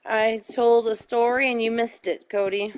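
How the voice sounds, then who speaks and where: A woman's voice: fairly high pitch, steady tone, moderate pace, smooth. Chatty young woman gaming stream. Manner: chatty, giggly storytelling with many fillers. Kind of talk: casual chat while gaming.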